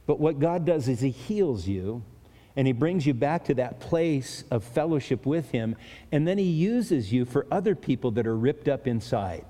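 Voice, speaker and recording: A man's voice: medium pitch, expressive, normal speed, dark tone. A man preaching an expository sermon in an earnest, conversational way, speaking directly to his listeners. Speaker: pastor. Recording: long hall reverb.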